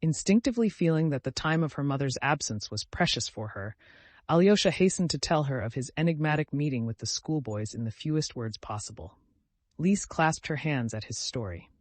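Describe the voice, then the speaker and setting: A man narrating an audiobook of a classic novel in a measured, expressive reading. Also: on the high side, no room sound. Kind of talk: scripted narration.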